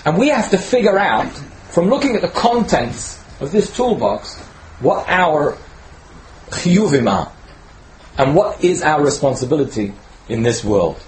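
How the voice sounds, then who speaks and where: A man's voice: on the high side, very animated, measured pace, slight background noise, rough recording. A man teaching an informal sermon in a conversational way, often checking in with "right?" and restarting words as he searches for them. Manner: conversational, peppered with "right?" tag questions. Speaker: teacher giving a Torah talk.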